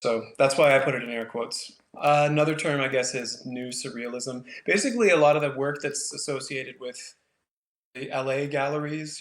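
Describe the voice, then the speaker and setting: A man from Canada explains his painting in a relaxed interview, wandering through his thoughts with plenty of fillers. His voice stays even and steady in pitch, and the room around him echoes noticeably. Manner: thoughtful, rambling with many fillers. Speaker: painter, guest. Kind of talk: casual interview conversation.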